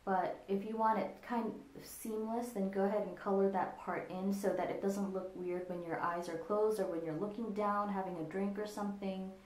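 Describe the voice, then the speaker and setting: A woman walks through a casual makeup tutorial, explaining each step as she works on herself. She speaks into a computer camera at her desk, and her voice carries a noticeable room echo. Her pitch sits in an ordinary middle range. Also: steady tone, moderate pace, hardly any pauses, darkish tone. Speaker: makeup vlogger. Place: indoors at a desk with a monitor. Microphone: computer camera in front of her. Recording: echoey room.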